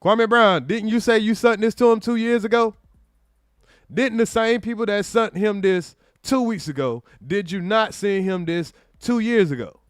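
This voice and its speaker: Sarcastic high-voiced man riffing on a stream. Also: moderate pace, clean tone, no room sound, studio quality. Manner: mocking, sarcastic, mimics apologies in exaggerated voices. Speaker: streamer reacting to a clip. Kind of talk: livestream reaction commentary.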